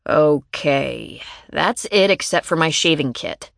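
A woman voicing a calm, methodical husband. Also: low voice, takes it slowly, creaky, dry recording, clean studio sound, exaggerated voice. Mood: resigned.

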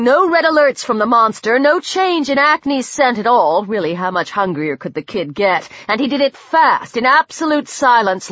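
A woman's voice: sits high, fairly bright tone, no echo, highs cut off. Woman narrating a tense thriller. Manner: tense, dramatic reading that rises into fighting cries. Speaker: audiobook narrator. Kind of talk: scripted narration.

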